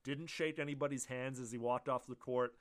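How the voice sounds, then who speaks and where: A man co-hosting a casual podcast, talking animatedly and swearing often, slipping into quoted voices. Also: medium pitch. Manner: animated, profane, quick to quote others in put-on voices. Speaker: podcast co-host. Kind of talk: casual chat.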